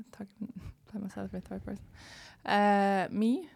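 A woman's voice: medium pitch, little pitch movement, takes it slowly, vocal fry, a little mellow, slightly rough, dry recording. A young woman with a Norwegian accent, a native Norwegian speaker, chatting casually as an interview guest in a café, hesitant with many fillers and restarts. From Norway. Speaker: guest, burlesque dancer. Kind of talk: casual conversation.

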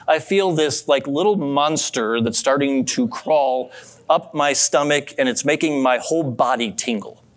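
A man preaching a sermon in a relaxed, conversational way, telling a story and asking his listeners questions. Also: medium pitch, unhurried. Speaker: pastor.

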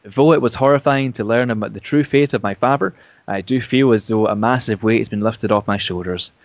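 A man's voice: lowish voice, fairly quick, no echo, close to an everyday voice. A scheming male wrestling executive delivering a formal statement, as a man reads it in his own plain voice. The sound is close and dry.

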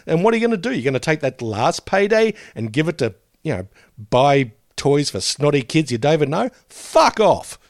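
A man's voice: a little high, sing-song, normal speed, dry recording, clean studio sound. Wry, sweary man chatting. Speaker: podcast co-host. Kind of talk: casual chat reviewing a cartoon episode.

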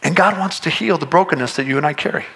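Male pastor, earnest conversational sermon, bright voice, a bit high. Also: quick pace, vocal fry, rough recording. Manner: earnest, conversational preaching with restarts and rising emphasis.

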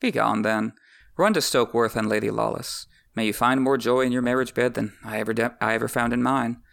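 A man voicing a scheming, bitter, witty dwarf nobleman in a sardonic, quick-tongued way, with a gravelly voice. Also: mid-range voice, steady tone, fairly bright tone. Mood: weary.

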